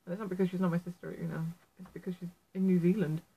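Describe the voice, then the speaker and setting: A woman's voice: lowish voice, flat delivery, rapid-fire, breathy edge, lo-fi sound. A woman with a Yorkshire accent giving a casual how-to tutorial on needle felting, chatty and self-deprecating, making apologetic asides as she works indoors at home. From Yorkshire, England. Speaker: felt artist teaching a tutorial.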